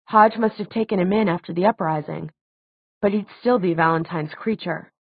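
A woman narrating an audiobook in a measured, even storytelling manner. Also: fairly low pitch, husky, dry recording, dull audio.

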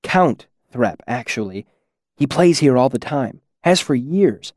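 A man voicing a friendly young male student who whispers a quick aside in an audiobook reading. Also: mid-range voice, lively intonation, a little mellow, dry recording, clean studio sound. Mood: hushed.

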